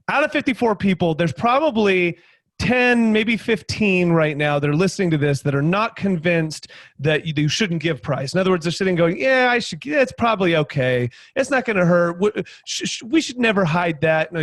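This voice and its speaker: High-voiced man telling an animated story. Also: no room sound, studio quality. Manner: lively, acts out both sides of dialogue, many restarts. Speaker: guest panelist, sales trainer. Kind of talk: animated storytelling on a video panel.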